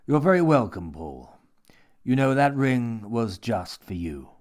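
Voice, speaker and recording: A man voicing a menacing, theatrical mad old man who talks in a smooth, coaxing, lecturing way. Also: medium pitch, very animated, a little slow, a little mellow.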